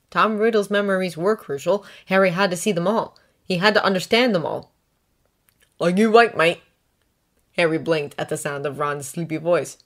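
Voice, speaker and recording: Low-voiced woman narrating a story. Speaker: audiobook reader. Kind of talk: scripted narration of a fan story.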